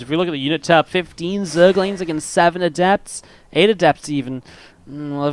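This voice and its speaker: A male esports caster and streamer covers a game by himself, chatting casually and rambling to his stream chat between calls, and he laughs at his own tales. His voice runs on the high side, with slight background noise.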